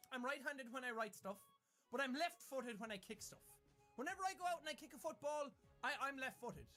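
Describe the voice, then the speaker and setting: A young man with an Irish accent, giving a comedic lesson in Irish slang and jumping into exaggerated quoted voices. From Ireland. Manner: animated, jumps into exaggerated high-pitched quoted voices. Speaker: YouTuber.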